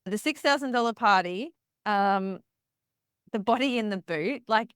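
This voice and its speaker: A woman's voice: mid-range voice, a little slow, fairly bright tone, smooth, dry recording. Woman, podcast host, amused and chatty, dry close sound. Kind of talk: casual interview chat.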